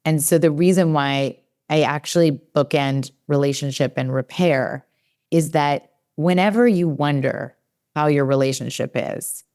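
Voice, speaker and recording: A woman's voice: sits low, a little slow, a little mellow. A woman in her forties, a developmental psychologist, chatting in a podcast interview and acting out her own inner dialogue with many fillers.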